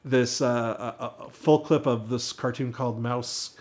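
A man's voice: medium pitch, steady tone, measured pace. A middle-aged American man in casual chat, telling long stories with many restarts and fillers. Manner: rambling storyteller with many restarts.

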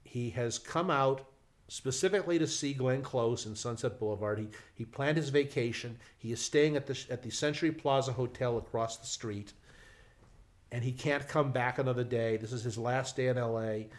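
A man telling a casual anecdote in an animated way, acting out the people in it. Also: medium pitch, normal speed. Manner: animated, acts out quoted voices, restarts. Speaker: storyteller guest.

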